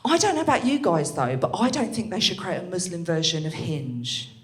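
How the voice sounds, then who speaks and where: A woman's voice: fairly low pitch, fairly quick, slight background noise. A young woman doing a brash, crude stand-up comedy set on a club stage, talking into a handheld mic. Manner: brash, crude and animated, with bursts of laughter. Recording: echoey club room.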